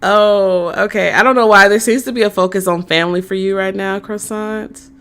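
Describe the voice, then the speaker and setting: A woman doing a live-streamed tarot reading, talking slowly with many fillers and answering chat messages. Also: medium pitch, fairly even intonation, a bit bright, clear, resonant tone. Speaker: tarot reader.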